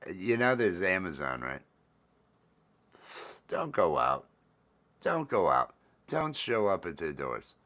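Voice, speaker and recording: Man, low voice, laid-back livestream chat, rambling, repeats himself. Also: big pitch swings, slow pace, long pauses, pushed and bright. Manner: laid-back, rambling, repeats phrases, greets viewers by name. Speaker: livestream host.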